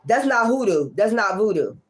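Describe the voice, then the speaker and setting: A woman giving a casual tarot reading, blunt, profane and confrontational, moving between loud outbursts and low muttering. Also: very animated, normal speed. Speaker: tarot reader.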